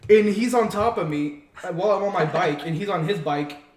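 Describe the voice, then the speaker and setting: A young man quickly and excitedly telling a profane story to friends. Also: high-pitched. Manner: rapid, excitable, swears a lot. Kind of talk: casual storytelling among friends. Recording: echoey room, mic far off, faint noise.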